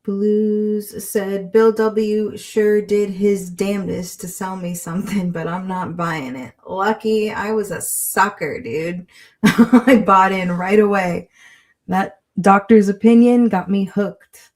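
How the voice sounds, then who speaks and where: A woman's voice: medium pitch, steady tone, slow pace, darkish tone. A woman co-hosting a casual live-stream chat, talking freely as she loses her voice. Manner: chatty, reads viewer comments aloud. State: losing her voice. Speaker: podcast co-host.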